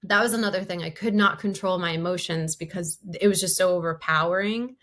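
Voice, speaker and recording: A woman co-hosting a casual podcast, telling a personal story in a candid, animated way. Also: on the low side, a little fast. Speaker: podcast co-host.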